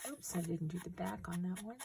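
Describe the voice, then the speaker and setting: A middle-aged woman with a slightly low voice gives gentle, unhurried instructions for a paper craft. A faint hiss sits behind her as she works on the table. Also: vocal fry. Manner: gentle, unhurried instructions while working with hands. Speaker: craft tutorial host. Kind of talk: step-by-step craft demonstration.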